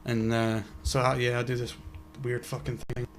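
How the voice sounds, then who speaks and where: A man's voice: mid-range voice, little pitch movement, moderate pace, a crowd in the background. A young man, co-hosting a casual podcast chat and rambling with lots of restarts and swearing. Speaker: podcast co-host.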